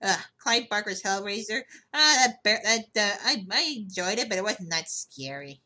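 Female podcast co-host, playful and quick to laugh, with a bright voice and a lively, bouncing pitch. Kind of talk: casual chat.

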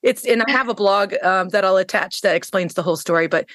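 A woman guest on an interview podcast, telling a personal story in a casual, animated way, jumping into a higher pitch when she quotes people. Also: fast, no room sound, clean studio sound. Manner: frequent fillers and restarts.

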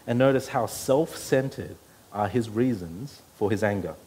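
A man's voice: fairly low pitch, lively intonation, unhurried, dark tone, slightly rough. A pastor preaching an earnest sermon to his church, his voice rising when he quotes scripture.

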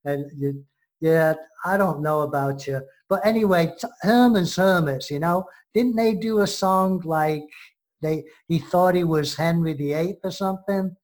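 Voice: mid-range voice, a little slow, a little mellow. An American show host, brash and joking, who heckles a guest in a playful mock-argument. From United States. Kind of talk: bantering radio-style chat.

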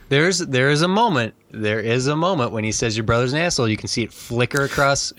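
A man co-hosting a casual movie podcast, talking in a lively way and often mimicking lines. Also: medium pitch, normal speed. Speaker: podcast co-host.

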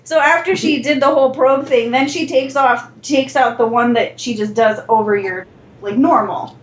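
A woman in casual chat, telling a story with lively swearing and acted-out quotes. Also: high-pitched, normal speed. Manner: animated, swears freely, acts out quotes. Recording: echoey room with faint noise.

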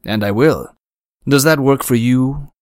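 A man playing a calm, formal dark lord. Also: medium pitch, measured pace, no echo, clean studio sound, lightly acted. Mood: measured. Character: the Lord of Dark, cool calculating male sorcerer. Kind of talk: audiobook character reading.

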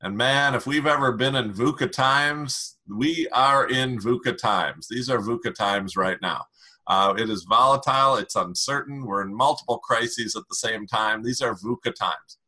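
A man explaining communication strategy in an interview, calm and emphatic as he gives advice. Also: mid-range voice, moderate pace. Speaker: communication expert.

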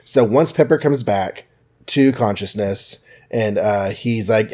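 Mellow-voiced man recapping comics. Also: on the low side. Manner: jokey retelling with quick quoted voices. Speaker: podcast co-host. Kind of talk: casual comic-book recap chat.

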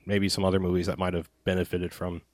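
Male podcast co-host, low voice, quick rambling delivery, casual and profane, dry sound. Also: flat delivery, darkish tone, no room sound. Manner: rambling, swears a lot. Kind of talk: casual movie chat.

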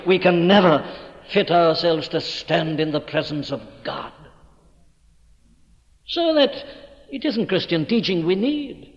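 A man preaching an evening sermon in an emphatic, declamatory way, hammering words with rising stress. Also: high voice. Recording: dull old recording with long hall reverb.

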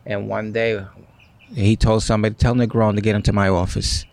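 Man in his 60s, gravelly, lowish voice, dry close sound, lively storyteller. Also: fairly quick, dry recording. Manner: animated, acts out quoted speech. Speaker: interview guest. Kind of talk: storytelling in an interview.

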